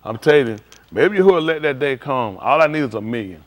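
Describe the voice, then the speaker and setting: Animated man preaching casually. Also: medium pitch, fairly quick. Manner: animated, shifting between quiet and loud, acts out dialogue. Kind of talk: livestreamed sermon.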